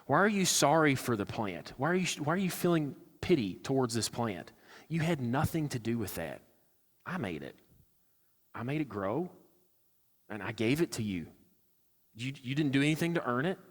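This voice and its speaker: A man's voice: medium pitch, very animated, moderate pace, in a large hall. A man preaching a sermon as a pastor, talking in a casual way and acting out quoted lines with sarcasm. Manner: conversational, acts out quotes with sarcasm. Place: church sanctuary.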